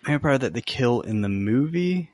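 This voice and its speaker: A man's voice: medium pitch, animated, normal speed, darkish tone. A man co-hosting a podcast, chatting casually and recommending a show with emphatic enthusiasm. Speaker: podcast co-host. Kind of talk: casual chat.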